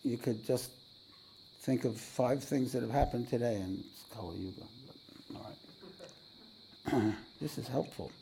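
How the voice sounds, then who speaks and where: A spiritual teacher telling a tale to his listeners. He rambles, clears his throat often and fills gaps with "uh". His voice is mellow and dark, with a gravelly rasp. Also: medium pitch, measured pace, pauses often, slight background noise. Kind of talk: storytelling talk to a meditation audience.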